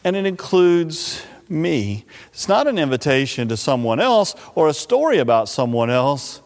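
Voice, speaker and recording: A man preaching a sermon in a church sanctuary, earnest and unhurried, often slowing and softening his voice. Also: on the high side, very animated. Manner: earnest, unhurried preaching that drops soft and slow when voicing invitations. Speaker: pastor. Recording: long reverb of a church hall.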